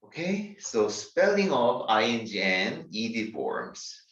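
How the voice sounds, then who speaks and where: A man with a Korean accent teaching English spelling, talking slowly and deliberately and spelling words out letter by letter. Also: mid-range voice, very animated, fairly bright tone. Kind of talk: grammar lecture. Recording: distant, dull, echoey room recording.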